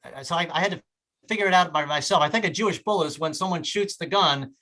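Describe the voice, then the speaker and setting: A man doing a stand-up comedy set on a club stage, stammering through restarts and hitting his punchlines loudly. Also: a little high, fast talker. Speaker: stand-up comic.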